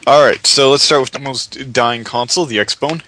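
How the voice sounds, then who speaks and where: A man hosting a casual gaming podcast over an online call, opinionated and quick to restart his sentences. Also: medium pitch, sharp tone, a little hiss or hum, poor audio. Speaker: podcast host.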